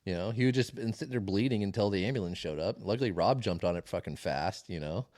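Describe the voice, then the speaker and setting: A man co-hosting a podcast, telling a story in a casual, animated way, swearing often. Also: on the low side, quick pace, dry recording, clean studio sound. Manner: swearing, animated retelling with laughs. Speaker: podcast co-host.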